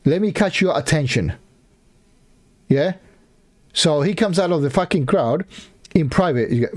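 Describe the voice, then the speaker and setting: A man's voice: a little high, animated, moderate pace, pauses often. A man ranting in a reaction video, swearing heavily and mocking the speaker he is watching. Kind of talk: profane ranting reaction commentary.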